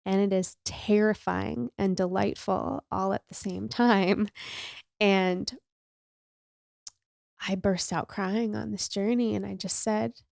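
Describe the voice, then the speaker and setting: A woman hosting a podcast, opening up about her own life with raw, confessional honesty. Her voice is mellow and warm with a gravelly fry, and at times it sinks into a hushed near-whisper. The sound is dry and close, with no room echo. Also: mid-range voice, steady tone, takes it slowly. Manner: open, emotional and confessional, drifting into soft near-whispers. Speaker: podcast host. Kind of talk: candid personal storytelling.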